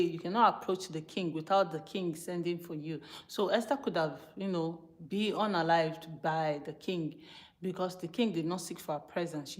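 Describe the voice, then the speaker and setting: Animated Nigerian woman preaching casually. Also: on the low side. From Nigeria, Benin City. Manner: emphatic and animated, switching between English and pidgin, asides to the viewers. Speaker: live-stream host teaching from the Bible. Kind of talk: informal preaching on a live stream.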